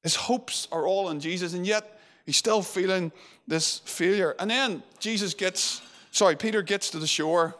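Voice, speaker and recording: A man's voice: high voice, moderate pace, a bit bright. A male preacher giving an earnest, conversational sermon, retelling scripture vividly.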